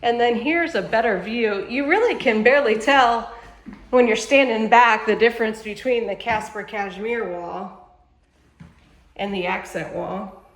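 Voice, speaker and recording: A woman's voice: a little high, a little slow. A woman who manages a mobile home sales lot, chatting in an upbeat way while she walks viewers around a home, outside and then inside. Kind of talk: casual home walkthrough.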